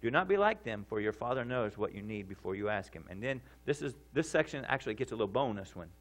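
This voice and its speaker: A man's voice: sing-song, fast. Conversational male preacher. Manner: conversational, checks in with the audience often; rises in pitch and volume for emphasis. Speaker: pastor. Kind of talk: sermon.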